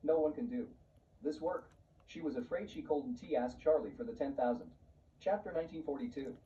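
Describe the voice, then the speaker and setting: A man giving a scripted story narration in a flat, even reading voice. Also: fairly high pitch, fairly quick. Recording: muffled, distant, faint hiss.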